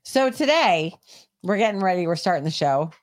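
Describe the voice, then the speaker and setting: A woman with a slightly low voice co-hosts a podcast in loose, casual chat. She tells stories in an animated way and swears freely. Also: moderate pace, dry recording, clean studio sound. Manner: profane, animated storytelling. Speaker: podcast co-host.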